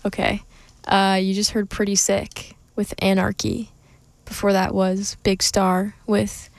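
A woman's voice: mid-range voice, completely flat delivery, unhurried, vocal fry, dry recording. A young woman hosting a college radio show, tired and sleepy, giggling and joking as she talks. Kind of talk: casual radio chat.

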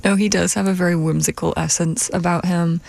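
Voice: medium pitch, fairly even intonation, fairly quick, vocal fry, a little mellow, no room sound. A young radio co-host chatting casually in a playful, giggly, thoughtful way.

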